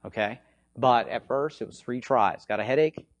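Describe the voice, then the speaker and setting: A man with a slightly hoarse voice, giving an informal teaching on faith healing, swinging between loud bursts and low asides and often checking in with "okay?". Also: normal speed, no echo, muffled recording. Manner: repetitive, conversational, frequent "okay?" check-ins. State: hoarse from frequent yelling.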